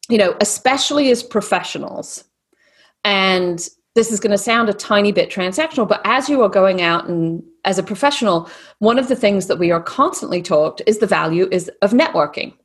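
Woman, mixed british-texan accent, husky, breathy, lively podcast guest. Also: medium pitch, moderate pace. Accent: mixed British and Texan, sounds Australian. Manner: lively, animated storytelling with put-on voices. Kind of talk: casual podcast interview.

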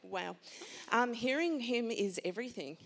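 A woman's voice: fairly high pitch, expressive, moderate pace, gravelly. A middle-aged woman who is a panel guest, speaking earnestly and fervently about faith. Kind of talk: faith talk.

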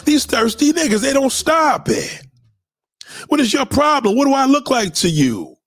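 A man on a livestream rants with loud, profane energy, often breaking into mocking impressions. His voice sits high and swings widely in pitch. The sound is dry and close, with no room around it. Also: moderate pace, no room sound. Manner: loud, profane, animated ranting with mocking put-on quotes. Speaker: livestream host. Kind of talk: ranting livestream commentary.

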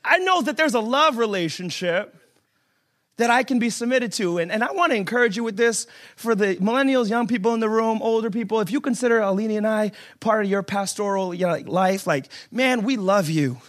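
High, bright-voiced man preaching with humor. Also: a little fast. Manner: animated, joking, rising to emphatic shouts. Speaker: pastor. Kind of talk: humorous conversational sermon. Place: church service.

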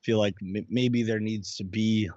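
A man's voice: on the low side, fairly even intonation, measured pace, darkish tone, no echo, lo-fi sound. A man co-hosting a casual cigar and beer tasting chat, talking in long rambling runs full of fillers and restarts. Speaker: podcast co-host.

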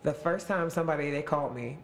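A man's voice: fairly high pitch, fast, slight background noise. A man in his late twenties, an actor, chatting with young castmates in a casual, upbeat, playful interview.

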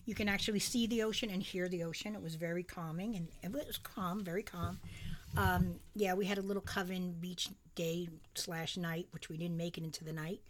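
A woman's voice: fairly low pitch, steady tone, fairly quick, a little hiss or hum. A tired woman co-hosting a casual podcast chat, agreeable and laughing often. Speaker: podcast co-host.

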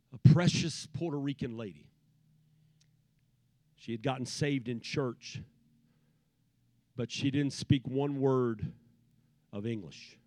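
A man preaching a sermon in church, swinging from hushed tones to shouting. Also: mid-range voice, no echo. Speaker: pastor. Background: soft piano keys.

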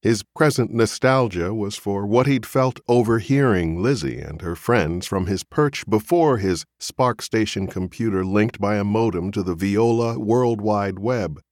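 Slow, expressive male audiobook narrator. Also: lowish voice, no room sound, clean studio sound. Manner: measured, expressive storytelling. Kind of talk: scripted literary narration.

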